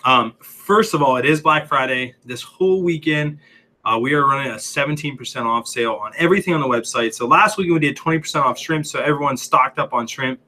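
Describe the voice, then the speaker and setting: A man's voice: medium pitch, a little fast, bright, forceful tone. A young man hosting a casual livestream, chatty and laughing often as he reads viewer comments, a little out of breath. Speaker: livestream host.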